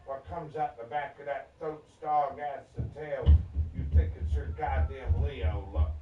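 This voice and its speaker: A man's voice: medium pitch, fairly even intonation, unhurried, slight background noise. Agitated man, profane disjointed rant, recorded far off in a roomy space. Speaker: vlogger. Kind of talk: angry rambling rant. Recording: echoey, distant, muffled.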